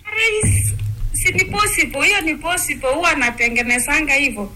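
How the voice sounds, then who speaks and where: A woman in casual conversation who talks in a lively way and mixes languages. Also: high voice, brisk, noisy background. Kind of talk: casual chat.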